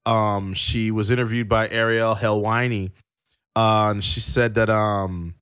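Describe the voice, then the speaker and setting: A man's voice: on the low side, flat delivery, a little slow, a bit bright, clean tone. A man co-hosting a casual wrestling podcast who stammers and restarts, then reads long quotes aloud. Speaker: podcast co-host.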